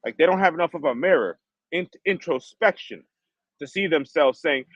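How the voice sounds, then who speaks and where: A man's voice: a little high, expressive, moderate pace, no room sound, highs cut off. A man hosting a livestream, ranting in heated, profane street slang. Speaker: livestream host.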